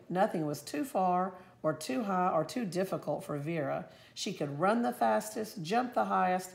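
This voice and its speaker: Gravelly-voiced woman reading a story. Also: lowish voice. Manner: expressive, lively storytelling. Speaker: teacher reading aloud. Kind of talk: storybook read-aloud.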